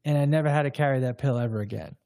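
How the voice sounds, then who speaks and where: A man's voice: medium pitch, rapid-fire, mellow, dry recording, studio quality. A man guest, a breathwork coach, telling a candid personal story in a casual, loose way with many fillers.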